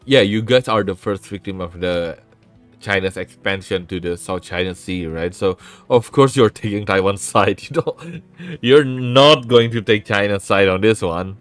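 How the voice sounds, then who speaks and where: Man, sore throat, casual live-stream chat, rambling, restarts sentences, lowish voice. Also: measured pace, smooth, soft background music. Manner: rambling, self-interrupting, laughs often. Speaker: VTuber streamer and host.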